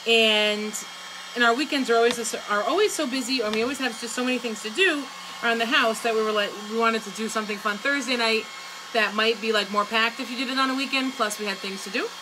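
A woman's voice: a little high, fast. Chatty rambling woman crafting. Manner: chatty, rambling, laughs often. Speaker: craft vlogger. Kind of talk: casual chat while crafting. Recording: loud hair dryer noise.

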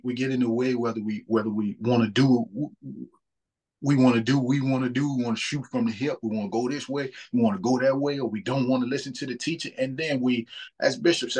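A man in his thirties with a husky voice speaks in an ordinary middle pitch. He talks about faith in a casual, earnest way. He often restarts and repeats words as he works out a thought. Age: 30s.

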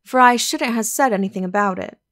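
A woman's voice: on the high side, moderate pace, lightly acted. Woman reading Eppie, a playful young daughter. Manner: lively, coaxing and sweet. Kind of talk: audiobook reading.

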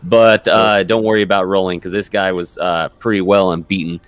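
A man's voice: sits low, steady tone, fairly quick, clean tone, dry recording. A man narrating a tabletop game as game master, easygoing and thinking aloud with fillers.

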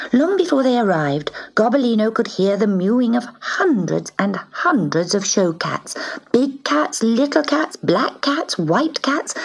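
A woman narrating a children's storybook in a soft, often half-whispered, husky voice. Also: mid-range voice.

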